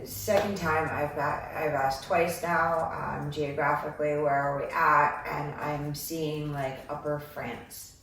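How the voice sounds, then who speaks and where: A woman's voice: deep voice, steady tone, slow, hardly any pauses, fairly bright tone. A woman giving a psychic reading, talking in a meandering way with many filler ums. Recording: echoey room, far from mic, faint noise.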